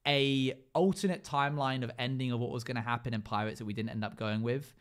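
Smooth-voiced male streamer rattling off lists. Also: medium pitch, steady tone, fast. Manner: rattles off long lists with many fillers. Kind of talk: casual live-stream chat while gaming.

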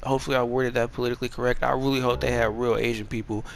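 A man's voice: medium pitch, little pitch movement, rapid-fire, gravelly. A man giving casual gameplay commentary, rambling along in profane, slangy, laid-back talk. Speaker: gamer streaming a playthrough.

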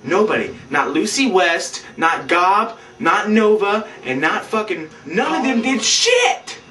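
A man recapping a video game in a rambling, profane, animated way. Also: high voice, slow. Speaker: game reviewer. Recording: roomy, distant mic.

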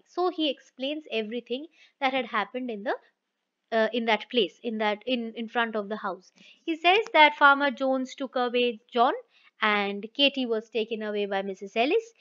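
A woman's voice: on the high side, a bit bright. A woman teacher reads a story aloud and stops often to restate each passage in simple words. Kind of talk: reading and explaining a story. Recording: dull lo-fi recording.

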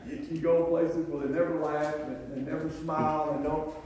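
A man's voice: a little high, little pitch movement, moderate pace, a little mellow, a little hiss or hum. A man pastor giving a church sermon, telling folksy stories and laughing often. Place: church sanctuary. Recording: echoey church from far off.

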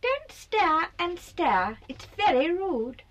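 A woman voicing a haughty, vain female doll who speaks in an imperious, disdainful drawl in an animated series. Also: extremely high pitch, slow, exaggerated voice.

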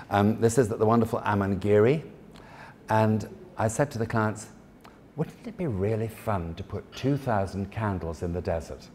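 An event designer with a fairly low, darkish voice gives a chatty, self-deprecating talk built on anecdotes. He presents to an audience in a large formal hall, and the recording is echoey with faint background noise.

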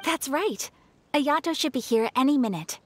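A gracious young noblewoman speaks formally in a fairly high voice, as a woman voices her. Her intonation is lively. This is a fan voice dub. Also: normal speed, slight background noise.

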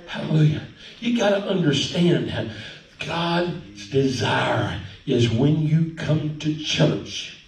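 Pastor guy preaching, high voice, kinda folksy, church room echo, mic far off. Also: slow pace, vocal fry. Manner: folksy, animated preaching with hallelujahs. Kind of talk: sermon. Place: church sanctuary. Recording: echoey church sanctuary, distant mic.

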